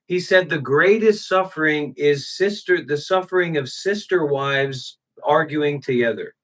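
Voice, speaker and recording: A man's voice: a little high, a little slow, a bit bright, poor audio. A man hosting a livestream, ranting profanely and talking back to his chat. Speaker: livestream host. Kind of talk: casual livestream rant.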